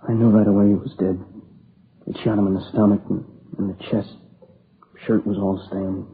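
Guy doing a young man all shook up and near tears, lowish flat voice, tinny old radio with hiss. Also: lightly acted. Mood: grieving. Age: young adult. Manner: shaken, halting, near tears. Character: young man, grieving, exhausted survivor. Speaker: robbery and murder witness. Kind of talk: 1950s radio crime drama acting.

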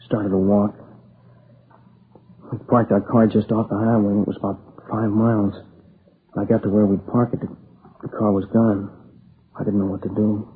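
A grieving young man, worn out and near tears, as an actor plays him, speaks haltingly in a lowish, flat voice. It is a 1950s radio crime drama, heard through a tinny old broadcast with faint hiss. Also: lightly acted. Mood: weary. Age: young adult. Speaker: robbery and murder witness.

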